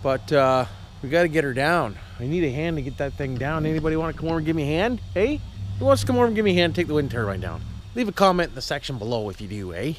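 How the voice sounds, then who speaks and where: A man's voice: a little high, expressive, quick pace, slight background noise. A Canadian man vlogging in a casual, jokey, folksy way, tagging his lines with friendly asides. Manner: jokey, folksy, tags lines with "eh" and "why wouldn't I". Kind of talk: casual chat to camera.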